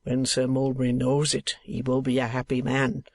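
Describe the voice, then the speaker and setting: A pompous, oily gentleman, as a man puts him on, flattering and flowery, a little louder and higher than the reader's own voice. Dry, close audiobook sound. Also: moderate pace, no echo, close to an everyday voice. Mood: ingratiating. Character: smooth-talking flattering gentleman.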